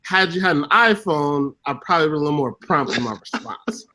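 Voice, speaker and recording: Man, co-host in casual talk; jokey, relaxed, heavy on "like". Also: fairly high pitch, fairly quick. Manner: joking, laid-back, says "like" often. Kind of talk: casual chat.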